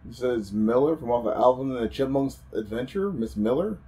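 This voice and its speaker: A man co-hosting a gaming show, making deadpan rambling jokes in casual commentary. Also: mid-range voice, fairly quick, slight background noise, low-quality recording.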